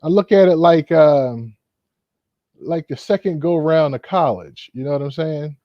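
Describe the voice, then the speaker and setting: A man's voice: a little high, measured pace, no room sound. A man hosting a casual commentary, rambling with many fillers. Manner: rambling, full of "you know" fillers. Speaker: host. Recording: dull, lo-fi.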